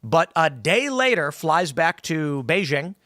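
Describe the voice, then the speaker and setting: A man hosting a panel talk show, laying out a long hypothetical scenario with animated delivery. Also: fairly high pitch, unhurried, no echo, clean studio sound. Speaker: show host.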